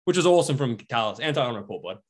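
A man's voice: mid-range voice, expressive, rapid-fire. A young Australian man co-hosting a podcast in casual chat, rambling with lots of fillers. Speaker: podcast co-host.

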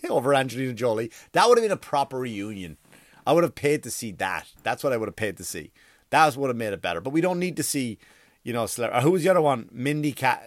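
A man delivering a profane, mocking comedic rant in a rapid-fire way. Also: medium pitch, a bit bright, dry recording, clean studio sound. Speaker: commentator.

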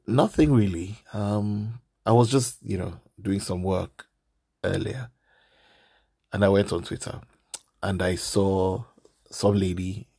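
A man, hosting a casual podcast and ranting in an animated, exasperated way. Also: low-pitched, creaky, husky.

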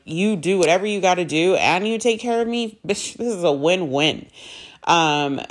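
Chatty low-voiced young woman vlogger. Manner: chatty, many fillers, swearing, acts out both sides of conversations. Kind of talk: casual storytelling to camera.

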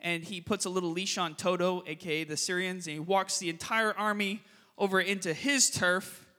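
High-pitched, bright-voiced male preacher in a hall. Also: moderate pace. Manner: lively storytelling preacher with sudden loud emphasis and hushed asides. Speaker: pastor. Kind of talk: sermon. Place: church sanctuary.

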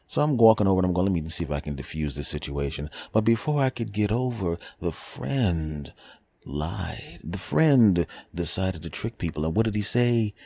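Deep-voiced man telling a comic story. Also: darkish tone, no room sound. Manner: rambling, self-mocking, acts out voices of people in his stories. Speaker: podcast host. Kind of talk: comedic storytelling monologue.

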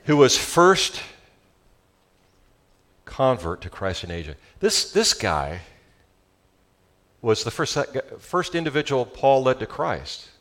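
A male pastor with a Southern California accent preaching a sermon, animated and joking with his congregation. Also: medium pitch, takes it slowly, long pauses.

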